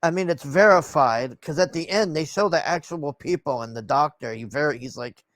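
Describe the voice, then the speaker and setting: A man's voice: on the high side, normal speed, a bit bright, no room sound. Exasperated man ranting, dry close sound. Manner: exasperated, rambling, swears often; trails off and sighs. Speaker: vlogger. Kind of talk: casual ranting monologue.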